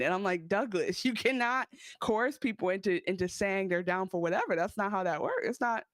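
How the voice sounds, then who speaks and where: Animated co-host jumping in with asides. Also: mid-range voice, moderate pace, no echo. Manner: animated, jumps in with asides and quoted voices. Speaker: podcast co-host. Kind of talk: casual recap chat.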